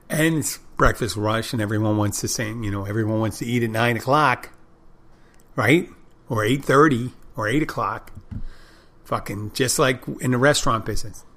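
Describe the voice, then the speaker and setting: A man's voice: lowish voice, fairly bright tone. A man rambles through a casual podcast monologue. He is blunt, swears freely, and often restarts and repeats his phrases as he works out what he means. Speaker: podcast host.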